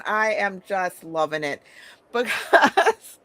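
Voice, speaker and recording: A middle-aged woman hosts a casual chat, her voice edged with fry and bright at the top while sitting fairly low. She talks bluntly, swears freely, stammers through repeated words and breaks into laughter often. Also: animated, moderate pace, no echo. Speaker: podcast host.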